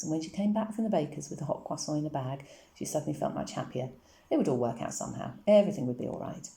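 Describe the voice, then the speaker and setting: A woman reads a children's novel aloud in a low, mellow voice. She tells the story in a calm, measured way. The room around her is echoey. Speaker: reader.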